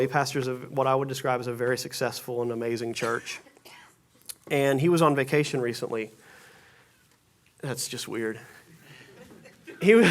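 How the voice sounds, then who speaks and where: A man's voice: medium pitch, fairly bright tone. A pastor giving a casual, storytelling sermon to his congregation, with many restarts and self-deprecating asides. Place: church sanctuary stage.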